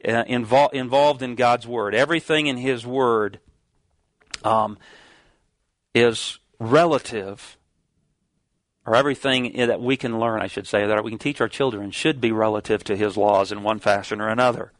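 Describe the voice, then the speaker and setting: A man preaching a sermon, reading scripture slowly and stressing key words, with some restarts as he explains. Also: medium pitch, steady tone, dry recording.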